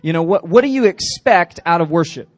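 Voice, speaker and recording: Animated high-voiced youth pastor. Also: male voice, a little fast, no echo. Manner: animated, playful asides to the crowd. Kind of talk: youth sermon.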